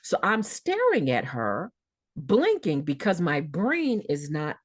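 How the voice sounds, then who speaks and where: Podcast guest, woman, expressive storyteller; deep voice, very animated pitch. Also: slow, no room sound, studio quality. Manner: vivid, expressive storytelling with repeated words. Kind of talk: personal storytelling in a podcast interview.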